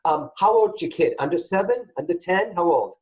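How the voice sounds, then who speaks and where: A man hosting a call-in psychic reading show, chatty and animated, often turning to address his listeners. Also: high-pitched, moderate pace, rough recording. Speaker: psychic medium host.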